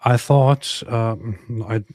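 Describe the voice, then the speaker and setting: A man hosting a livestream, chatting casually in a deadpan, teasing way. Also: medium pitch, drawn-out words, dry recording. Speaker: co-host.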